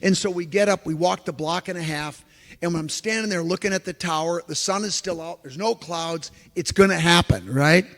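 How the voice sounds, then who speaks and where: A man giving a lecture as an animated storyteller, who acts out the exclamations he quotes. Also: a little high, normal speed. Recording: long hall reverb.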